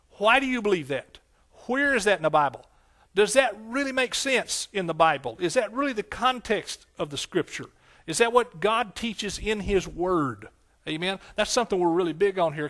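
A pastor preaches a sermon in a high-pitched, pushed and bright voice. His phrasing is emphatic and repetitive, and he often throws call-and-response questions to the congregation.

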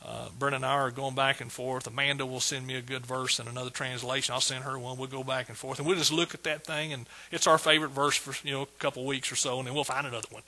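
A man's voice: mid-range voice, flat delivery, quick pace, few pauses, bright, forceful tone. A middle-aged man preaching a sermon with exuberant energy, repeating phrases and calling out praise. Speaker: pastor.

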